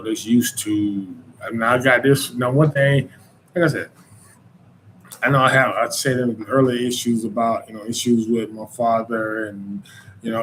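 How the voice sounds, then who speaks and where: A man's voice: medium pitch, a little hiss or hum, poor audio. Rambling Southern man from North Carolina. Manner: rambling, with constant "you know" and "man"; informal Southern speech. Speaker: podcast host. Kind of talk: casual monologue.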